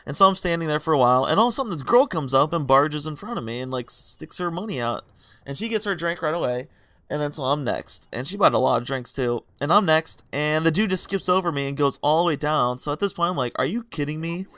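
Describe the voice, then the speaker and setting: A young man casually telling rambling, animated dating stories while he plays a video game, often laughing through them. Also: a little high, fast, no room sound. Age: young adult. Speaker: gaming vlogger. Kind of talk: casual storytelling over gameplay.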